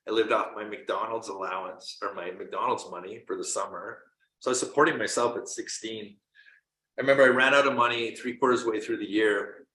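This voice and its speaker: A middle-aged man from Canada, a coach giving an earnest motivational talk, telling stories that swing from quiet to loud. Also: fairly low pitch. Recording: roomy echo.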